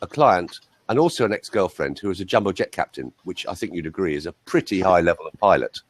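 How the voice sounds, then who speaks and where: This voice coach, a man with a deep, slightly breathy voice, talks at a quick pace. He's an animated storyteller, casually rambling through anecdotes full of digressions.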